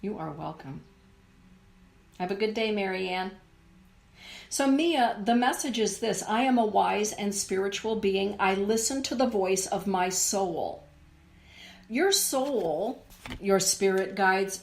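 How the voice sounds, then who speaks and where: Slow, soothing woman reading oracle cards. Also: mid-range voice, lively intonation, gravelly. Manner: slow, soothing, unhurried delivery. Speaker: spiritual card reader. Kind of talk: live oracle card reading to viewers.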